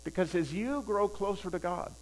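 Emphatic older male preacher, higher voice. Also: moderate pace, a little hiss or hum, poor audio. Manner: emphatic, repeats key phrases; conversational, asks the audience questions. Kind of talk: sermon with personal storytelling.

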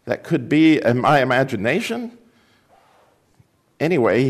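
A male pastor at a mid pitch, telling a story in the course of a sermon. His delivery is unhurried and reflective. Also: lively intonation. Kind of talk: sermon with book reading.

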